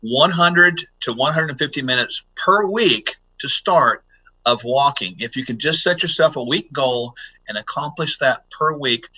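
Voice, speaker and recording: Bright-voiced man coaching health habits. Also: mid-range voice, unhurried, low-quality recording. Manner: earnest, instructive, coaches listeners through exercises. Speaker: health doctor guest. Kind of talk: podcast interview.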